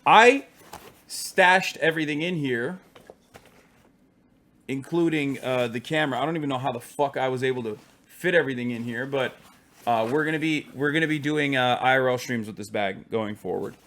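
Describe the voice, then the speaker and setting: A man's voice: mid-range voice, moderate pace, natural voice. Man putting on a pompous posh Englishman. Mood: mock-pompous. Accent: posh English (put on). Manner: pompous, mock-genteel, lively swoops. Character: pompous posh upper-class Englishman, adult male. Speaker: live streamer. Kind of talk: mock-posh comedic monologue.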